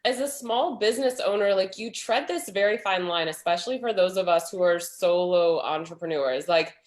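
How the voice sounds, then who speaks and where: A woman's voice: mid-range voice, normal speed. A woman in her thirties, a small business owner, talking candidly and chattily in a group video chat. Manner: candid, chatty, says "like" a lot.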